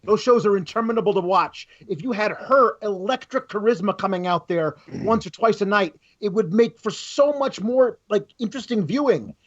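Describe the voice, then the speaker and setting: A man co-hosting a podcast, chatting in an animated way and quoting others in quick put-on voices. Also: sits high. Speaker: podcast co-host. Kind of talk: casual review chat. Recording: dull lo-fi audio.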